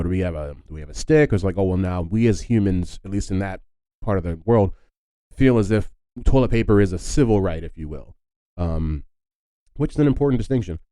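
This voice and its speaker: A man's voice: sits low, warm tone, dry recording, low-quality recording. A man hosting a casual solo podcast, rambling with lots of fillers and wry joking asides. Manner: rambling and filler-heavy, often adds "if you will". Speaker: podcast host.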